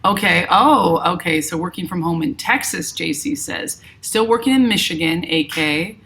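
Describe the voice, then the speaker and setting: A woman's voice: on the low side, expressive, moderate pace, fairly bright tone. Chatty woman hosting a live stream. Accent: New York. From New York. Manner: chatty, reads viewer comments aloud. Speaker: host. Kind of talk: casual live-stream chat.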